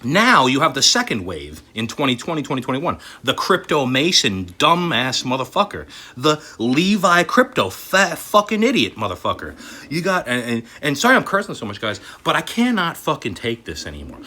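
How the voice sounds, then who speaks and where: A man delivers an angry, cursing vlog rant, his pitch leaping wildly between shouted outbursts and low, grumbling asides. His voice is bright and forceful, with a husky, raspy edge. The talk is a loose monologue that keeps circling back to his frustrations. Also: huge pitch swings, a little fast. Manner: angry and swearing, swings from shouting to muttering. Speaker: crypto and collectibles YouTuber. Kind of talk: profane ranting vlog.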